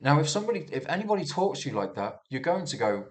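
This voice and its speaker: A man's voice: medium pitch, animated, fast, few pauses. A man riffing on the news in a loose, unscripted monologue. He talks heatedly, trips over his words and restarts sentences often, and swears freely along the way. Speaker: commentator reviewing the news. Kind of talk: casual rambling monologue.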